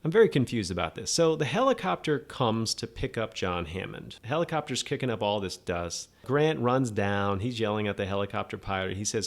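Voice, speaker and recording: A man's voice: fairly low pitch, a little fast, hardly any pauses. Incredulous man picking apart a movie. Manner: incredulous, questioning, animated. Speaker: podcast host. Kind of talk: casual podcast monologue.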